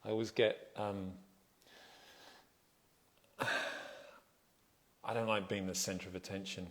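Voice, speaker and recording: Soft-spoken man hosting a livestream. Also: lowish voice, slow pace. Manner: chatty, greets viewers and reads out their comments; relaxed, soft-spoken, self-deprecating. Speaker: livestream host. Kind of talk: casual livestream chat. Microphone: phone livestream.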